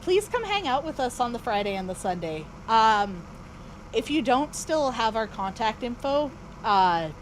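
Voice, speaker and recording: A woman's voice: on the high side, lively intonation, measured pace, a little hiss or hum, low-quality recording. A woman streamer chatting casually while playing a game, rambling with lots of fillers and restarts. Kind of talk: casual chat while gaming.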